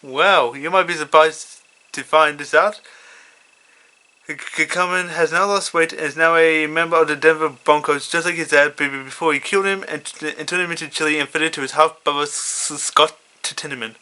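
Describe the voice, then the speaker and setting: A man's voice: a little high, steady tone, quick pace, hardly any pauses, pushed and bright, clean tone. A man casually retelling his own fan story, stammering with many restarts. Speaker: fanfiction reader.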